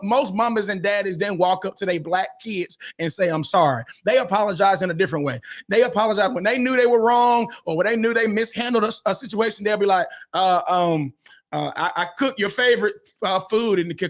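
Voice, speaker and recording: A high-pitched man hosts a podcast offering relationship advice. His delivery is emphatic and preacher-like, with repeated phrases and calls out to his listeners.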